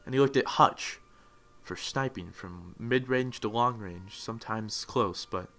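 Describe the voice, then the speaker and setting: Fervent young man, bright low voice. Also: unhurried. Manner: builds to loud, fervent swells. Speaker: gaming video narrator. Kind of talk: mock-dramatic motivational narration. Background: faint music.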